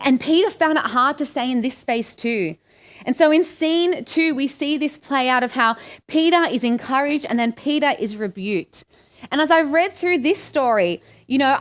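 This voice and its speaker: An Australian woman giving a conversational sermon, asking her listeners questions and acting out the lines she quotes. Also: sits high. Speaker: preacher.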